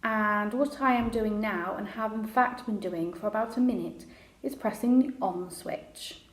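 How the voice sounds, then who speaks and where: A woman's voice: mid-range voice, a little slow, natural voice. A woman voicing a practical, dry-witted girl in a storybook read aloud, with a matter-of-fact manner. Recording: roomy echo.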